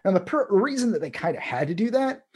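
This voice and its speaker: Husky man chatting about tech. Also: high voice, big pitch swings, fast talker, a little mellow. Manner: rambling, frequent restarts and fillers. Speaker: podcast host. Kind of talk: casual tech chat.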